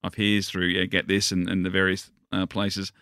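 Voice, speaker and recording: An Australian man, a comedian guest on a podcast, talking haltingly and bantering wryly in casual chat. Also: low voice, monotone, pushed and bright, smooth, no room sound, clean studio sound.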